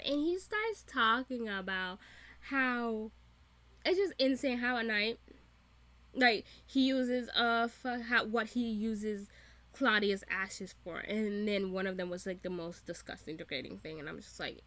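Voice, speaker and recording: A woman recaps and reacts to a TV drama in loose, casual talk full of swearing and bursts of laughter. Her voice is bright and forward. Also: fairly high pitch, measured pace. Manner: profane, laughing, animated storytelling. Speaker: reaction vlogger.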